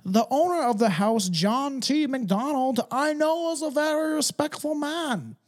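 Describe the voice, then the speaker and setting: A man voicing an old Scottish man recounting a haunting in a put-on Scottish accent, with earnest, halting, old-fashioned storytelling. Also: very high-pitched, voice pushed up. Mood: solemn.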